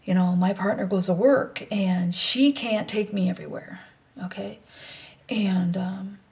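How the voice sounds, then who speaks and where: A middle-aged woman speaks straight to the camera in a personal vlog, her pitch sitting right in the middle of the range. She sounds anxious as she rambles along bluntly and swears without a second thought. Her voice often sinks into a soft whisper. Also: steady tone, a little slow. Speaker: vlogger. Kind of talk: candid personal vlog monologue.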